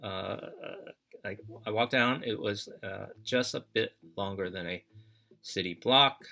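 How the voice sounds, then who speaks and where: Low, bright-toned man telling a story. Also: vocal fry. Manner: reflective, halting with fillers and restarts. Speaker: podcast host telling a personal story. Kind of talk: personal storytelling.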